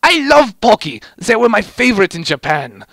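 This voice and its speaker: A man voicing a swooning, lovestruck male army doctor in a fan story he reads aloud, in a high, gushing put-on voice. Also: big pitch swings, unhurried, vocal fry, a bit bright, slightly rough, no room sound, clean studio sound, heavily acted.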